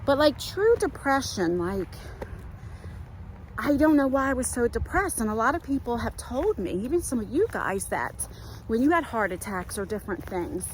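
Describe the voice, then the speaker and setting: Middle-aged woman vlogger, higher-pitched, loose chatty delivery while walking outside, light background hiss. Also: very animated, normal speed, low-quality recording. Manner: chatty, rambling, many fillers. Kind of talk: casual walk-and-talk vlog. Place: outdoors on a walk.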